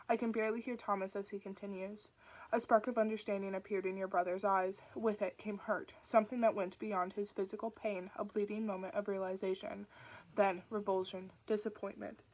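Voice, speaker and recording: A woman reading an audiobook aloud, narrating in an even, steady manner. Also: mid-range voice, moderate pace. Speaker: audiobook reader.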